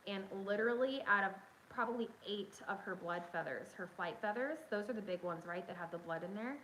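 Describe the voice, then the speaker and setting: A woman's voice: mid-range voice, fairly quick, a little hiss or hum, rough recording. Chatty woman streaming from her phone. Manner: chatty, excitable, addresses viewers directly. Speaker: livestream host. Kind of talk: casual storytelling chat.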